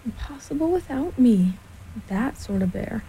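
A humble, simple-minded male bear from a storybook, mulling things over aloud, as a woman reading aloud voices him. The tone is mellow and warm, with a gravelly texture. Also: a little high, fairly quick, a little hiss or hum, close to an everyday voice, rough recording. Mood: musing. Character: humble, slow-thinking male teddy bear.

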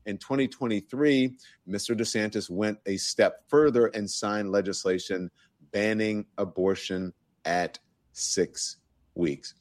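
A man's voice: lowish voice, measured pace, dry recording. A man hosting a news talk interview, speaking in a loose, conversational way. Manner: conversational, loose, restarts sentences. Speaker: host.

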